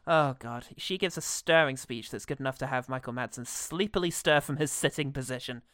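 A man's voice: mid-range voice, fairly quick, fairly bright tone, no echo, studio quality. A man co-hosting a podcast in casual chat, playful and sarcastic, laughing often. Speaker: podcast co-host.

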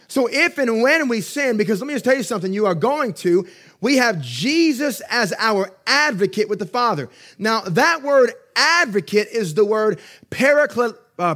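A young pastor with a fairly high voice delivers an animated sermon. He preaches conversationally, swinging from loud, emphatic peaks down to hushed asides, and chuckles as he tells stories. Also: a little slow. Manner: laughs while telling stories.

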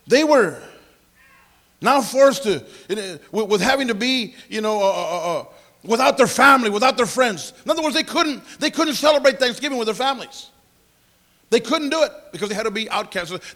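A pastor with a high voice preaches a sermon, leading a prayer and explaining scripture with lively conversational asides and frequent throat clearing.

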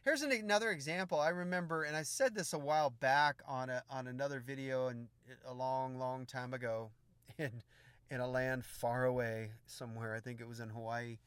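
A middle-aged man preaching, telling a funny story in an animated, humorous way. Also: medium pitch, moderate pace, clean tone, dry recording. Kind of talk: storytelling sermon.

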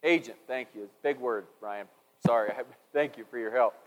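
A man's voice: mid-range voice, brisk. A man preaching a conversational sermon, retelling a story with frequent restarts. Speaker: pastor.

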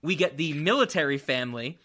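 A man hosting a casual movie podcast, animated, laughing and swearing freely. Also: fairly high pitch, a little fast. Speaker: podcast host. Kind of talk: casual movie review chat.

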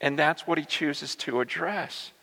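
A male pastor preaches with a high, bright, forceful voice. He talks in an animated way, stumbling over repeated words and slipping into the voices of the people he quotes. The sound rings out with the long reverb of a large church hall. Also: unhurried. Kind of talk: sermon.

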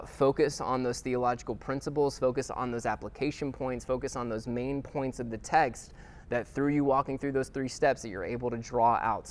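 A man of middling pitch teaching a Bible study class. His talk is loose and conversational, full of fillers and restarts. He stops now and then to check in with his listeners.

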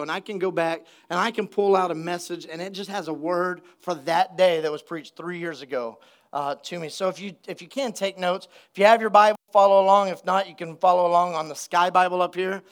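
A male pastor with a notably high voice preaches a sermon to his congregation in the church sanctuary. Energetic and conversational, he breaks from reading scripture to crack jokes and call on the room for an amen.

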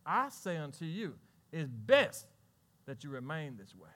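Southern preacher man, bright sharp voice, jokes n back-and-forth with the pews. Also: on the high side, sing-song. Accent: Southern American. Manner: preaching with call-and-response asides and laughter; voices imagined congregants in quick back-and-forth. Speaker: pastor. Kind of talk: sermon.

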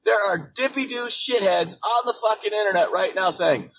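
Male host, high voice, profane political rant, distant mic. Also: normal speed, few pauses. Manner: angry, swearing constantly, emphatic, bursts into shouting. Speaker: show host. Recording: distant mic with faint background noise.

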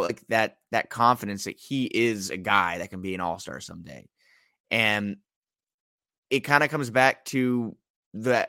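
A man with a bright, forceful tone rattles off statistics and drives his points home. His voice sits a bit low, and the sound is dry and close. He talks like a host in a casual sports chat. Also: no echo. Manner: reels off stats, emphatic.

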